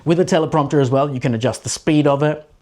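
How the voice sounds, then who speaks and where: A man's voice: on the high side, fast talker, a little mellow. A man who hosts a channel and coaches on-camera presenting, talking to camera in a chatty, rambling, self-mocking way. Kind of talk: casual talk to camera.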